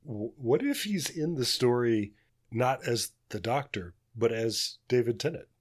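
A man co-hosting a casual podcast, thoughtful and soft-spoken, often laughing lightly. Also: medium pitch, lively intonation, unhurried. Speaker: podcast co-host.

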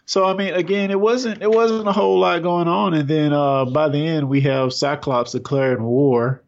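Gravelly-voiced male co-host, hesitant casual chat, dull lo-fi recording. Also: fairly high pitch, steady tone, normal speed. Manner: hesitant, repeats words, chuckles often. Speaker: podcast co-host.

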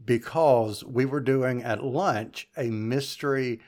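A man in a casual podcast conversation, sharing anecdotes with a playful, relaxed delivery. His voice sits in an ordinary middle pitch. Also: takes it slowly. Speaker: podcast host.

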